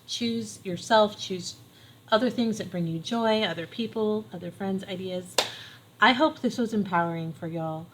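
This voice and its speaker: A woman's voice: medium pitch, moderate pace, background noise. A middle-aged woman giving a casual tarot reading, earnest and encouraging, repeating phrases for emphasis. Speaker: tarot reader.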